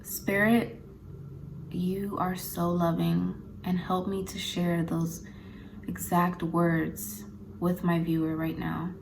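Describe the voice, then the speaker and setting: A woman leads a spiritual card reading at an unhurried, gentle pace, her voice sitting slightly low. She speaks haltingly, on the verge of tears, breaking off and starting over. A faint noise floor and the shuffle of cards sit behind her. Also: little pitch movement, vocal fry. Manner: halting, overcome with emotion, many restarts. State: close to tears. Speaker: intuitive card reader.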